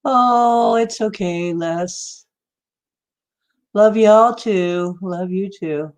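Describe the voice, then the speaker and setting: A woman's voice: medium pitch, very slow, darkish tone. A woman hosting a livestream in casual chat, playfully teasing and answering her viewers' comments. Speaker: livestream host.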